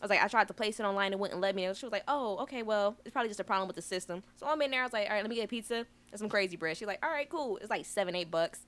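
A woman co-hosting a podcast, telling a story in a lively, slangy way and acting out both sides of phone calls. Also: mid-range voice, racing, few pauses. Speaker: podcast co-host. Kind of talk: casual chat.

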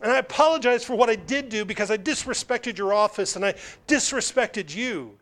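Brief: preacher putting on a humble, pleading young man, voice pitched up high, earnest and self-abasing. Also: animated, fairly quick, a bit bright.

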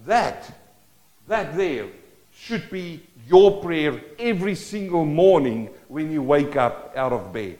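A man's voice: a little high, lively intonation, takes it slowly, a little mellow, poor audio. A male pastor preaching a sermon, asking the congregation rhetorical questions and acting out prayers in shifting tones.

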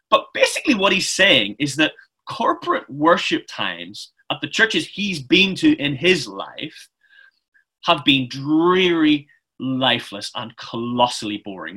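A man's voice: a little high, pushed and bright, breathy edge. A man giving a chatty, informal sermon, often restarting his phrases. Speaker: preacher.

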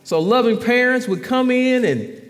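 Preacher, male, very high voice, emphatic repetition, long hall reverb. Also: animated, a little slow. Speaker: pastor. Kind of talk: sermon.

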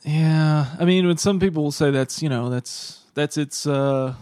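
A man's voice: a little high, measured pace, darkish tone, clear, resonant tone, no echo. A man co-hosting a podcast, chatting casually with dry, wry remarks. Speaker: podcast co-host. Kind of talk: casual chat.

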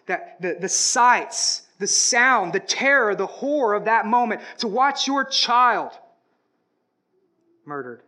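High, bright-voiced preaching man. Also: lively intonation, takes it slowly. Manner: dramatic preaching, swings from hushed to loud. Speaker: pastor. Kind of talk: sermon.

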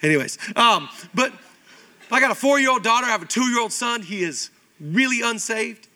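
A man in his thirties preaching a sermon as pastor, animated and conversational with lots of repetition. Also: very high-pitched, normal speed. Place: church auditorium.

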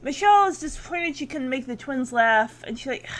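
A woman's voice: sits high, expressive, brisk, fairly bright tone, slight background noise. A woman casually recapping a sitcom episode, chatty and giggly, acting out the characters' lines.

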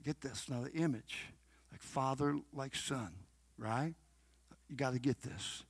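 A middle-aged man giving a heartfelt personal testimony as a guest, speaking fervently, repeating phrases for emphasis and drawing listeners in directly, his voice dropping to soft murmurs and then rising to loud proclamations. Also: mid-range voice, unhurried, no room sound. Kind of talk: emotional storytelling testimony.

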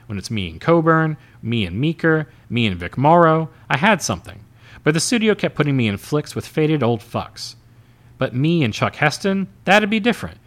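A man voicing an insecure, self-pitying male TV actor who speaks quietly and turns frustrated. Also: a little high, pitched above the performer's own voice.

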